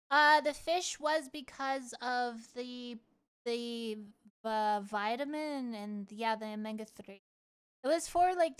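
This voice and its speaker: A woman rambles playfully through a live stream, dropping curses without a second thought. Her voice sits a little high and comes through smooth and crisp. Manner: chatty, playful, swears freely. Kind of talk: casual livestream chat.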